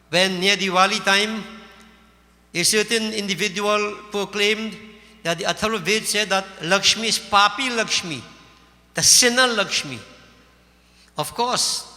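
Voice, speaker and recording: Caribbean English male preacher, high voice, long reverb in a hall. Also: pushed and bright. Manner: folksy, emphatic, addresses listeners as devotees. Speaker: Hindu religious teacher. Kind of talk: sermon with storytelling.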